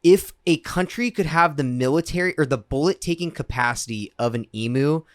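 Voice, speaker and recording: A man's voice: fairly high pitch, fairly quick, no echo, clean studio sound. Rambling man co-hosting a podcast. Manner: rambling, lots of fillers and restarts. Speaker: podcast co-host. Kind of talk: casual chat.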